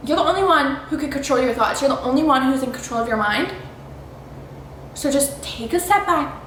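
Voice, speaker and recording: A woman's voice: high-pitched, lively intonation, a little fast, fairly bright tone. A woman hosting her own vlog and giving a blunt, emphatic motivational pep talk. She swears freely and talks straight to the listener. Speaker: vlog host. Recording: very echoey room with faint noise.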